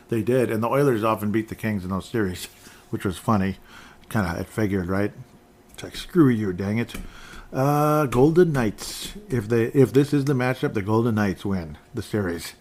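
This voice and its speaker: A man with a lowish voice hosts a casual sports podcast, rambling through his predictions and changing his mind as he goes. He chuckles often and keeps an offhand, chatty delivery. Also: a little mellow. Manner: rambling, self-correcting, chuckling. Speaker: podcast host.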